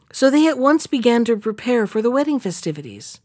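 Woman reading a fairy tale. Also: a little high. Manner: steady, measured storytelling. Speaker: narrator. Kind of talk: storybook reading.

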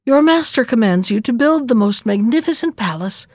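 A woman's voice: a little high, lively intonation, normal speed, darkish tone, dry recording, studio quality. A woman voicing a poor, worried old woman in a storybook reading, with an anxious manner. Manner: anxious, pleading.

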